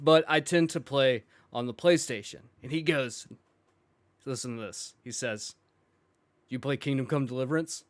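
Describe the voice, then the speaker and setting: A man's voice: medium pitch, unhurried, dry recording. A male podcast host telling a comic story, acting out the quoted dialogue. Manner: animated, acts out quoted dialogue. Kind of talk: comedic storytelling.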